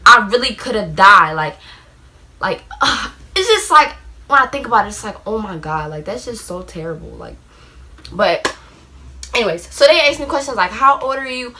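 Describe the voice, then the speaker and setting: Bright-voiced young woman telling a story. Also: mid-range voice, sing-song, normal speed. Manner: rambling, heavy use of "like", acts out shouted quotes. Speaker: vlogger. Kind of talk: storytime vlog, casual retelling.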